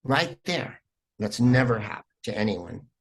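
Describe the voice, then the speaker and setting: A man, a comedian guest on a podcast, telling stories in a lively, rambling way with plenty of fillers. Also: mid-range voice, unhurried, slightly rough. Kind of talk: casual podcast interview.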